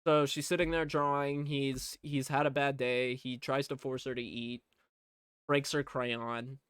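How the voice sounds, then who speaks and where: A man's voice: medium pitch, flat delivery, measured pace, a bit bright, clear, resonant tone, no room sound, studio quality. A man recapping a movie in a casual, rambling way, sarcastic and swearing freely. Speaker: movie reviewer.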